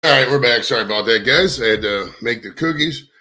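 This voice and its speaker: A man's voice: medium pitch, expressive, a little fast, pushed and bright. A man hosting a live stream, chatting casually in a crude, rambling, profane way. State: out of breath. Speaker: livestream host.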